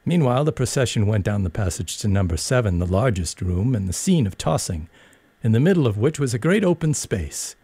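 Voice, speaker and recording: A man reading a story aloud in a measured, expressive narrating voice. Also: on the low side, slightly rough, dry recording.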